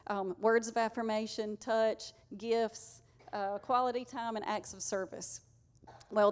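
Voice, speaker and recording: A woman's voice: fairly high pitch, darkish tone. Earnest woman preaching. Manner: conversational, earnest, uses y'all. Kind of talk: sermon.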